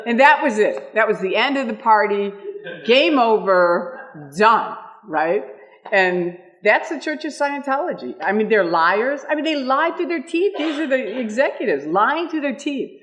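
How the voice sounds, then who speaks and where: Woman in her 60s, speaker at a meetup, animated storyteller who laughs often. Pitch swoops widely. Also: unhurried. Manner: lively, laughing, acts out quotes.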